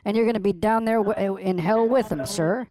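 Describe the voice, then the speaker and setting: A woman's voice: mid-range voice, normal speed, mellow, poor audio. A woman on a prank call, berating a phone scammer with mocking, profane insults.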